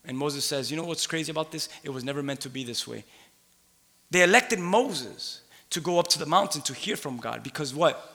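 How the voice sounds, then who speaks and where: A man preaching a sermon in a church, animated, laughing, and rising to shouts. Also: fairly high pitch, vocal fry. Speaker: pastor. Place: church sanctuary. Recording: long hall reverb.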